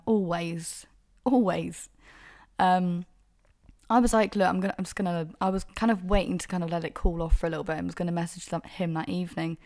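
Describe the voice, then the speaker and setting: A woman's voice: on the low side, darkish tone. A young woman hosts a solo podcast, telling dating stories in a candid, sweary, exasperated way. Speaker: podcast host.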